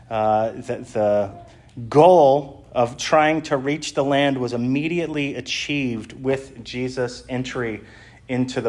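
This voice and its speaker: Male pastor, mid-pitch, unhurried explanatory sermon delivery with plenty of "uh"s, middle-aged. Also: a little mellow. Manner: conversational, explanatory, frequent "uh" fillers. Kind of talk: sermon teaching.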